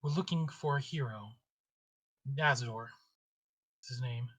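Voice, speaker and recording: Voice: medium pitch, measured pace, a bit bright, breathy edge. A player speaking in character during a tabletop game, casual and plain-spoken.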